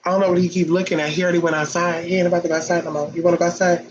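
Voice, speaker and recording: Animated, profanity-laced woman streaming. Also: on the low side, rapid-fire, lo-fi sound. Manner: talks to viewers and a pet while reading comments. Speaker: livestream host. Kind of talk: casual livestream chat.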